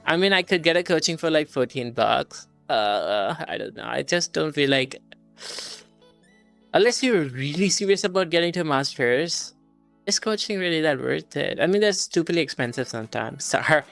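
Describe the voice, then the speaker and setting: A woman's voice: low voice, animated, normal speed, gravelly, a bit bright, soft background music. A young woman from India, chatting casually on a livestream while she studies medicine, reading questions aloud, swearing and laughing often. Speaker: streamer studying medicine.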